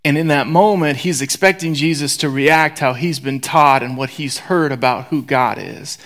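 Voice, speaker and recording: A man preaching a sermon in a conversational, joking way, swinging from loud to hushed whispers. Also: a little high, moderate pace. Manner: conversational, joking, acts out voices.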